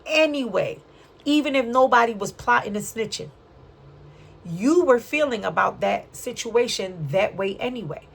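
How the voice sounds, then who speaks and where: Her voice a little high, expressive, creaky, and edged with breath, a tarot reader moves at a moderate pace through a casual spiritual reading. Of Puerto Rican background and raised in Brooklyn, she's chatty, slangy and streetwise, frequently asking "right?"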